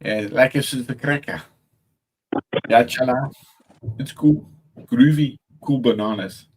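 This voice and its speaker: A man's voice: medium pitch, unhurried, slight background noise. A man from South Africa with a South African accent, chatting casually and loosely, full of slang and swearing. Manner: laid-back, swears, slangy. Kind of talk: casual chat.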